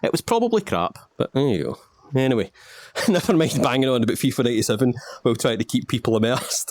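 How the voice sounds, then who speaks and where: This Scottish let's-play host speaks fast with a medium-pitched voice and lively intonation, captured in a dry recording. He rambles playfully as he games, firing off self-deprecating jokes and asides to the viewer.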